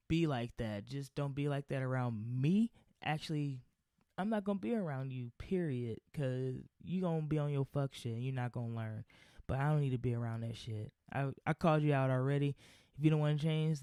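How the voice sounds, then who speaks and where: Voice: mid-range voice, mellow, no echo, clean studio sound. A podcast host giving solo commentary in a heated, profane, rambling rant. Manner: loose, rambling with restarts.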